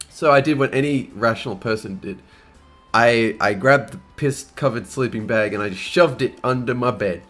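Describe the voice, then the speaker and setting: A man's voice: mid-range voice, moderate pace, a bit bright, faint music behind. Crude, swearing young man. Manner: crude, swears a lot, laughs while telling stories. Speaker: YouTuber answering fan questions. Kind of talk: casual Q&A storytelling.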